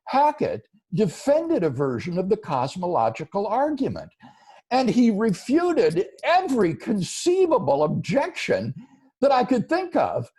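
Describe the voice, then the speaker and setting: Husky, animated male philosopher. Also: high-pitched. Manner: earnest, explanatory, lively rising and falling delivery. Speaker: philosopher answering viewer questions. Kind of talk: thoughtful interview answers.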